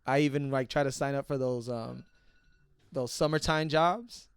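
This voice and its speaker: A young man telling a profane, animated story in a casual podcast chat. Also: medium pitch, moderate pace, clean tone, dry recording. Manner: profane, animated, acts out other people's voices. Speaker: podcast guest.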